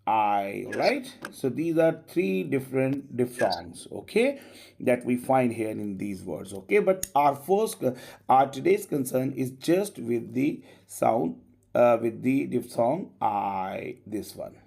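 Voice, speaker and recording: A male English teacher, a native Urdu speaker, giving a classroom pronunciation lesson, modeling sounds slowly and coaxing students with repeated prompts. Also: mid-range voice, expressive, gravelly, darkish tone. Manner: slow, drawn-out modeling of sounds, coaxing students with "come on, please".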